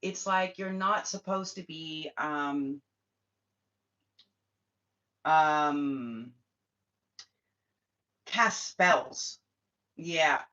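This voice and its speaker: A woman's voice: deep voice, very slow, pauses often, pushed and bright. A woman hosting a spiritual livestream, talking bluntly and swearing often as she rants to her viewers. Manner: blunt, profane, ranting. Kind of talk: casual livestream chat. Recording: dull lo-fi livestream audio.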